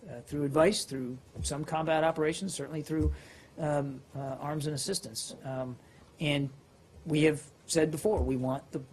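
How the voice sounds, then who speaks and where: A man's voice: on the high side, fairly even intonation, moderate pace, a little mellow, slight background noise. A man briefing reporters as a government spokesperson, answering questions with many fillers and restarts.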